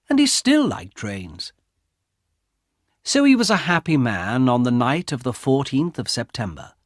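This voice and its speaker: A man narrating an audiobook of a graded reader, in a slow, clear storytelling manner. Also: medium pitch, no room sound, clean studio sound.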